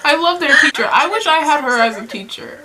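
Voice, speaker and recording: A woman's voice: high-pitched, lively intonation, a little fast, a loud crowd, rough recording. A young woman hosting a movie commentary, chatting casually and reacting aloud as she gushes over what she watches.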